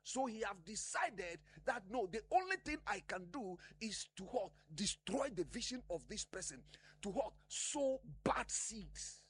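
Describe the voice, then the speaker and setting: A man's voice: high-pitched, sing-song, unhurried, slightly rough. A man preaching a sermon, emphatic, often asking the congregation a question and answering it himself.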